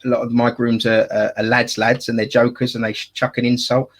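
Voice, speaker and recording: Gravelly chatty Essex man. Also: mid-range voice, flat delivery, a little fast. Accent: Essex English. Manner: chatty, jokey, lots of fillers and restarts. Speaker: wedding photographer and podcast co-host. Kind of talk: casual podcast chat.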